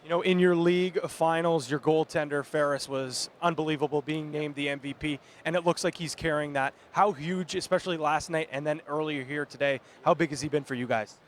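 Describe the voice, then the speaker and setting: Upbeat slightly high-voiced floor reporter, a man. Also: steady tone, fairly quick, hardly any pauses, slight background noise. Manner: friendly, upbeat questioner. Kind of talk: sideline interview and colour commentary.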